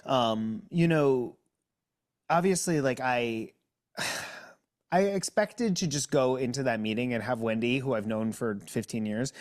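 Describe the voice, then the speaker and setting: A man from New Jersey, a guest on a podcast, talking in a lively, theatrical way with big jumps up in pitch. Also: a little slow. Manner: exuberant, theatrical, with big upward pitch swings. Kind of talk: casual interview chat.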